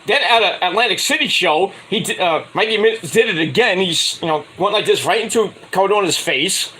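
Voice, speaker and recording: A man's voice: sits high, lively intonation, brisk, pushed and bright, husky, low-quality recording. A man ranting in a casual, rambling, profane style as a wrestling vlogger.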